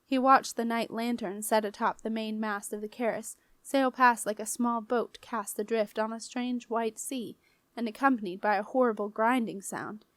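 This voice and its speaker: A woman reading a children's fantasy novel aloud as an audiobook narrator, in a clear, even storytelling manner. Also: a little high, normal speed, no echo. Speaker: audiobook reader.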